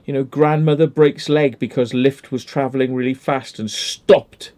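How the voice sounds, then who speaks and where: A man's voice: mid-range voice, steady tone, normal speed, darkish tone. A man, hosting a casual commentary chat, blunt and emphatic with heavy swearing. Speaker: channel host.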